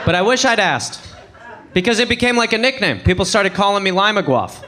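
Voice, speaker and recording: A young man from England doing a stand-up set on a club stage, animated storytelling with sudden high bursts and low asides. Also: normal speed, long pauses, a crowd in the background. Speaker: stand-up comedian. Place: comedy club stage with audience.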